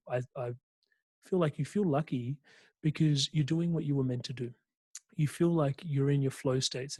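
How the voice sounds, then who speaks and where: A man, a life coach, giving a conversational webinar talk with an animated delivery, often tagging his points with a quick question to listeners. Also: mid-range voice, no room sound. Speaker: guest speaker and life coach.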